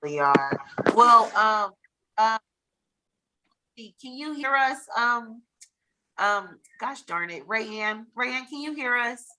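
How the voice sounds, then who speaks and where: A woman on a video call hosts an open mic, her bright, clear voice gushing with praise. She talks slowly and warmly drawn out, and laughs easily between words. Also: fairly high pitch, lively intonation, rough recording. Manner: effusive, gushing, laughs often. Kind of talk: casual chat on a video call.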